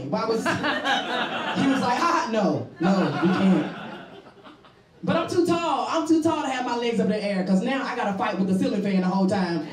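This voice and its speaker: A woman's voice: a little high, far from the mic. Brash woman doing bawdy stand-up, live. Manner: brash, bawdy, repeats punchlines. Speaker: stand-up comedian. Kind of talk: stand-up comedy set. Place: comedy club stage before a live audience. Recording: roomy live recording from off-mic, loud audience laughter.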